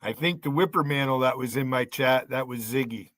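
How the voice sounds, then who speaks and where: A man's voice: medium pitch, brisk, a bit bright, dry recording. A man hosting a livestream, ranting at viewers in his chat by name, taunting and cursing them. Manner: profane, taunting, combative. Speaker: livestream host.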